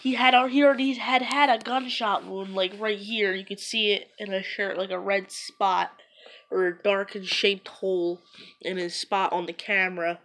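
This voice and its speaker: A woman's voice: mid-range voice, steady tone, moderate pace, fairly bright tone, a little hiss or hum. A woman vlogger retelling events in a loose, rambling, conversational way. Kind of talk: casual retelling to camera.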